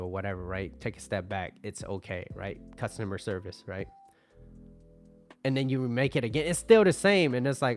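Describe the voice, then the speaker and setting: A man's voice: on the low side, moderate pace, a little mellow. Man giving casual advice, faint music. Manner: loose and conversational, tags lines with "right?"; acts out angry customers in mock voices. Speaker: relationship advice creator.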